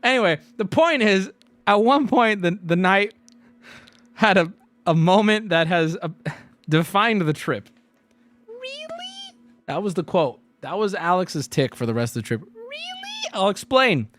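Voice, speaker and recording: A man's voice: high-pitched, normal speed, dry recording. A man streaming live, telling a story casually with lots of profanity and jokes. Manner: animated, profane, jokey storytelling.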